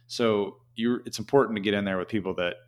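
A man's voice: on the low side, fast, clear, resonant tone. A man telling a casual, rambling story as an interview guest, with many "you know" fillers.

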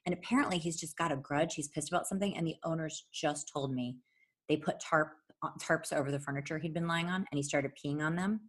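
A woman telling a long story in casual chat, animated, swearing freely and laughing often. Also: low voice, fast.

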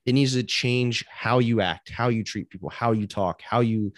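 A man's voice: medium pitch, moderate pace, dry recording, clean studio sound. A man co-hosting a casual faith podcast, talking earnestly and thinking aloud with frequent restarts. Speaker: podcast co-host.

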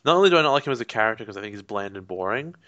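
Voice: medium pitch, animated, rapid-fire, fairly bright tone, dry recording, lo-fi sound. A podcast co-host chatting casually, with a dry, skeptical, sarcastic manner. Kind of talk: casual chat.

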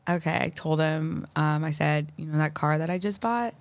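A young adult woman speaking as a guest in a casual interview, chatty and quick to laugh, with many fillers. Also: low-pitched. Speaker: podcast guest.

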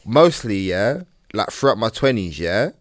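A man's voice: fairly low pitch, unhurried, crowd noise. A man, co-hosting a podcast in casual chat, telling stories full of slang and acted-out quotes. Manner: London slang, animated storytelling with quoted voices. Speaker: podcast co-host.

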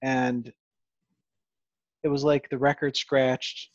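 A man's voice: mid-range voice, flat delivery, slow, no room sound. A man hosting a casual podcast, talking in a rambling, self-deprecating way with lots of restarts. His voice is recorded close and dry, with no room sound. The audio is a little dull and lo-fi. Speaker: podcast host.

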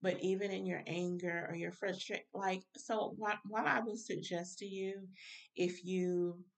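A woman's voice: medium pitch, fairly even intonation, measured pace, creaky, distant mic. A woman minister giving a casual Bible study talk, speaking straight to her listeners. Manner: informal, direct address to listeners.

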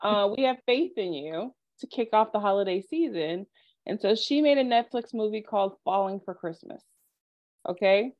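Animated woman co-hosting a podcast chat. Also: mid-range voice, moderate pace, dull audio. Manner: animated, acts out quotes, laughs often. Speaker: podcast co-host. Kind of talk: casual chat.

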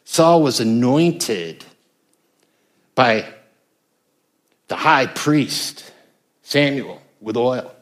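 Older man preaching a conversational sermon. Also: fairly low pitch. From United States. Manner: conversational, rising emphatic bursts. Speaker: pastor.

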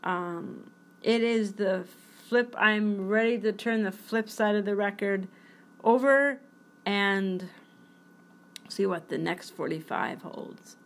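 A woman's voice: medium pitch, slow. A woman in her forties hosting her own podcast, chatting in a goofy, rambling way and jumping from topic to topic. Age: 40s. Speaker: podcast host. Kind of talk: rambling solo podcast chat.

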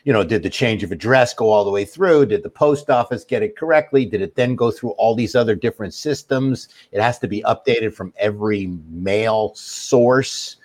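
A middle-aged man with a lowish voice talks through his subject in a steady, explanatory way, leaning on everyday examples. He sounds like an interview guest walking a host through the basics. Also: normal speed, few pauses. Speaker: guest expert on master data.

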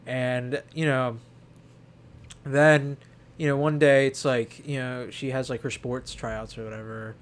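A man's voice: medium pitch, flat delivery, measured pace. A young man co-hosting a podcast, telling a long personal story in casual chat, rambling and packed with fillers. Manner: rambling, heavy use of fillers like "like" and "you know". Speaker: podcast co-host.

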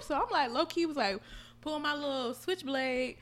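A young woman with a high voice, talking in a loose, casual podcast chat. She tells stories in an animated way and swears freely. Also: moderate pace. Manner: animated, profane storytelling. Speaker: podcast co-host.

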